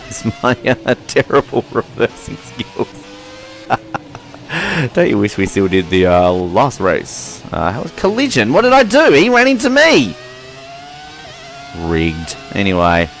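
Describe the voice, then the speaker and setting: A man's voice: low voice, a bit bright. Self-mocking man narrating gameplay. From Australia. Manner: chatty, self-mocking, easily exasperated. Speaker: gaming channel host. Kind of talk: casual gameplay commentary.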